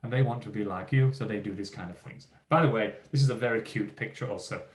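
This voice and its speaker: A lowish-voiced man delivers a fast, emphatic motivational keynote to teachers, his words echoing with reverb. Full of energy, he plays out the lines of the teachers and children he quotes.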